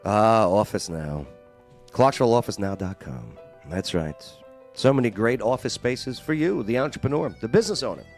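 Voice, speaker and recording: A man's voice: on the low side, expressive, moderate pace, darkish tone, soft background music. A man co-hosting a talk show, joking and teasing while reading ads. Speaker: radio show co-host. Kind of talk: casual banter and ad reads.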